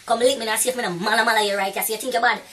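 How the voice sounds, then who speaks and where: Woman doing a loud young Jamaican gal in a comedy sketch, high and bright, sassy gossip, mic a bit far off. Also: fairly even intonation, very fast, a little hiss or hum, close to an everyday voice. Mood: boastful. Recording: voice from a distance off the mic.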